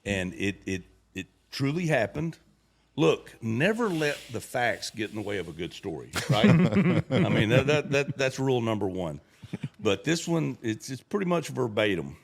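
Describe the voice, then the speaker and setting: A man's voice: medium pitch, sing-song, moderate pace, creaky. A middle-aged man telling stories in a folksy, casual way, acting out the voices of the people in them. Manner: acts out voices in his stories. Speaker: guest storyteller. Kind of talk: casual storytelling.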